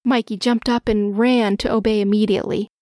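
A woman narrating a children's storybook in a gentle, expressive way. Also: mid-range voice, brisk, no room sound, clean studio sound.

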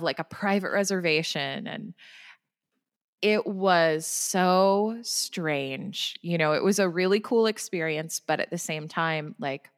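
A woman's voice: low voice, a bit bright, big-room sound. A woman telling a story in a chatty, emphatic way, saying "like" a lot. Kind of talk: casual conversation.

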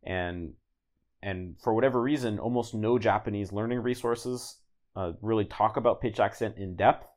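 This podcast guest, a man learning a language, speaks in a lowish voice at a moderate pace. Relaxed and long-winded, he restarts often and fills his explanation with "like"s and other fillers.

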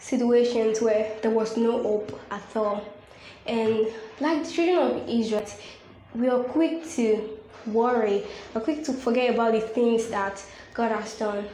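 Earnest and preacher-like, a woman repeats her points while hosting a devotional podcast. Her voice is a little high with a darkish tone, recorded in an echoey room with faint background noise.

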